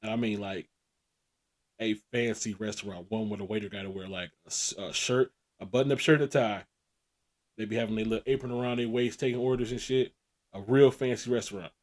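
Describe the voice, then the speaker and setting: A man's voice: lowish voice, steady tone, fairly quick, darkish tone. A man co-hosting a podcast, telling crude, laid-back stories in casual chat and laughing often. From American Midwest. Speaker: podcast co-host.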